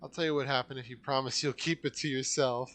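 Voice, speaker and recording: A man's voice: medium pitch, fairly even intonation, quick pace, fairly bright tone, close to an everyday voice. A man voicing an embarrassed, defensive adult male aquarium visitor in a game, over game music. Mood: sheepish. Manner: defensive, sheepish.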